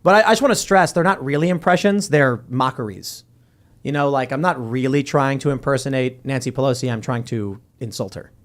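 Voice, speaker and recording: A man's voice: mid-range voice, a little fast. A man hosting a podcast, reading viewer comments aloud and chatting casually with wry, jokey asides. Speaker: podcast host.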